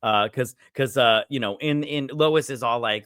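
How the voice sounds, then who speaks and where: A man hosts a casual review with a bright, forward voice. He rambles through fillers and swears freely. The sound is close and dry. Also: mid-range voice, moderate pace, hardly any pauses, clean tone, dry recording. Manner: rambling, filler-heavy, swears, acts out quotes. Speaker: show host reviewing a TV episode.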